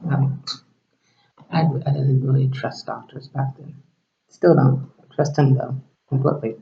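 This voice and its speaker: A vlogger tells a personal story to camera in an unhurried, mid-range voice with little pitch movement and some vocal fry. He rambles casually, acts out quoted dialogue and sometimes drops to a whisper. The sound is roomy, dull and lo-fi.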